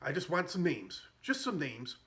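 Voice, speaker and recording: Brief: man doing a blustering, pompous police captain in a comic retelling, higher and indignant. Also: big pitch swings, normal speed, pushed and bright. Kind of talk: comic retelling of a movie scene.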